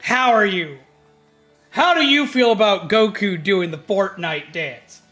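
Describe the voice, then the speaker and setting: Bright high-voiced ranting male streamer. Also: unhurried, faint music behind. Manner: animated ranting, swears freely, greets chat loudly. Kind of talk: casual livestream chat.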